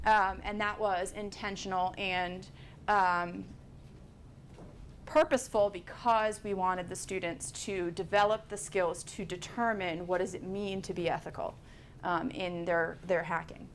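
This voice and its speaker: A woman presenting at a conference workshop, speaking in a measured way with frequent hesitations. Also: lowish voice, fairly even intonation, slight background noise. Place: conference room.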